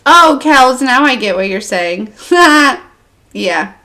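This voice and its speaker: A woman's voice: high voice, big pitch swings, takes it slowly, bright, forceful tone. Chatty woman giving a tarot reading. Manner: chatty, laughs often, lots of fillers. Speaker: tarot reader. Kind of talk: casual livestream tarot reading.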